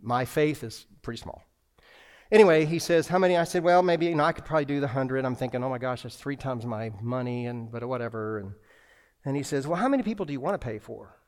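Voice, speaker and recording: A man's voice: medium pitch, fast, darkish tone. A man preaching a sermon as a pastor, telling a personal story with lots of restarts and acted-out dialogue.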